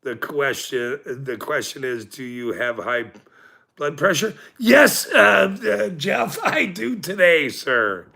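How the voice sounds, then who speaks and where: A man's voice: a little high, very animated, slow pace, vocal fry, sharp tone. A man ranting with heavy swearing and then chatting casually, laughing often and rambling as he talks to his viewers.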